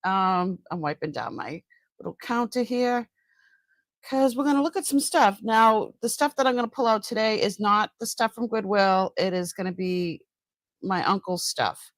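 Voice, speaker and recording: This dry recording captures a middle-aged woman from Massachusetts, Boston accent and all, whose mid-range voice moves at a moderate pace. As a live-stream seller and host, she rambles casually from a counter inside her home, calling out to viewers by name.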